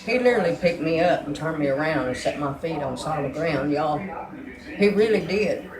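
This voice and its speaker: A woman's voice: deep voice, animated, moderate pace, reverberant, crowd noise, rough recording. A woman giving a fervent, emotional religious testimony.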